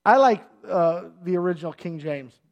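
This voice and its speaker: A man's voice: high voice, moderate pace, lo-fi sound. A middle-aged man preaching a sermon, telling the story with energy and acting out the people in it. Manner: animated storytelling, acting out voices and shouts. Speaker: pastor.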